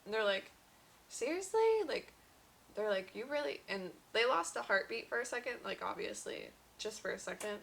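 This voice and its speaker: Young woman vlogger, casual storyteller; bright, slightly gravelly tone, chatty delivery with fillers. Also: medium pitch, fairly quick, rough recording. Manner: chatty, many fillers and quoted dialogue.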